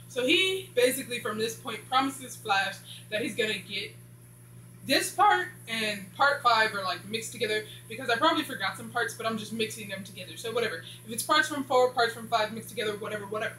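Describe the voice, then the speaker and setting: A woman's voice: fairly high pitch, a little fast, bright, forceful tone. Rambling woman recapping a show. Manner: rambling, says "blah blah" a lot. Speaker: show reviewer. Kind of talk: casual recap of a TV series. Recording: echoey room with faint hum.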